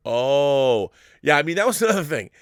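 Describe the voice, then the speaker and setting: A man's voice: on the high side, normal speed, clean tone, no room sound, studio quality. Rambling man hosting a live chat show. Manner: rambling and animated, with frequent restarts and laughs. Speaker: show host reading viewer super chats. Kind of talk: casual live-stream commentary.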